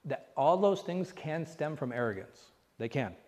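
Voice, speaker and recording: A man's voice: a little high, big pitch swings, moderate pace, darkish tone. A man, an imam, teaching a conversational religious class and often asking the room rhetorical questions. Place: mosque class hall. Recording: reverberant hall.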